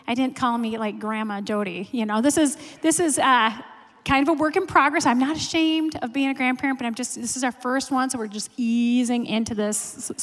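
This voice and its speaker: In a church hall with long reverb, a pastor's wife in her forties preaches a sermon in a high, fairly bright voice. She tells stories in a chatty, self-deprecating style, full of fillers.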